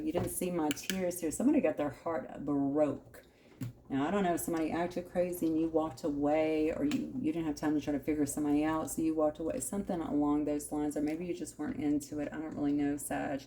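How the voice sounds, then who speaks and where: Tarot reader, woman, low mellow voice, chatty asides, light hiss behind. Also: fairly even intonation, fairly quick. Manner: conversational, musing aloud, frequent asides. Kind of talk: channeled tarot reading.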